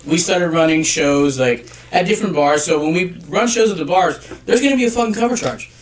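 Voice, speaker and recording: A man's voice: high-pitched, fairly quick. A man, a guest photographer, telling stories in a brash, profane, casual podcast chat. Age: adult with children.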